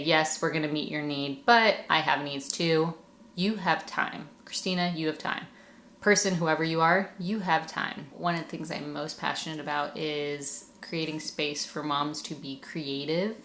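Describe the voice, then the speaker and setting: A woman's voice: sits low, a bit bright. A young woman, a mother hosting her own show, talking earnestly and chattily to other moms and laughing now and then. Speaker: podcast host and mom. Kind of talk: encouraging monologue. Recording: echoey room.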